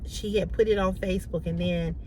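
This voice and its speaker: A woman vlogger telling a personal story in an animated, emphatic way, repeating her key lines. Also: fairly low pitch, a little fast, slight background noise.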